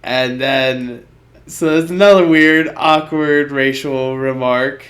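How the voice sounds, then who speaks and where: A podcast co-host with a medium-pitched voice speaks slowly as he tells a story in casual conversation. He's animated, acting out the different people in the tale.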